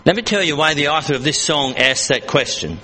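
A male preacher with a high, bright, sharp voice that swings widely in pitch, delivering an earnest, emphatic sermon. He repeats and rephrases his points as he reads scripture, heard with a long echo from a church hall. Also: expressive, fairly quick. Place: church service.

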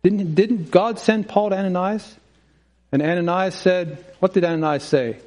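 A man's voice: sits high, fairly even intonation, moderate pace, darkish tone. A man preaching a sermon in a conversational way, often chuckling and asking his congregation questions. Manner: conversational, acts out dialogue, asks congregation questions.

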